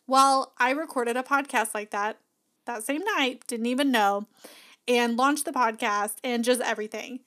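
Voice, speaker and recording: A woman's voice: a little high, normal speed, fairly bright tone. Chatty upbeat woman podcast host. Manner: chatty, upbeat, encouraging, laughs often. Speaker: podcast host and business coach. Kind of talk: casual motivational podcast talk. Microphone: podcast mic plugged into an audio box.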